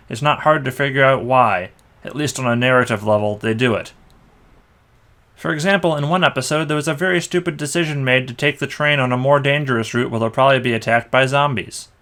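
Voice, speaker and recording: A young man narrates a film review in a scripted voice-over. His delivery is dry and sarcastic, picking apart the story point by point. His pitch sits in an ordinary middle range. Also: fairly bright tone. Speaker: anime movie reviewer.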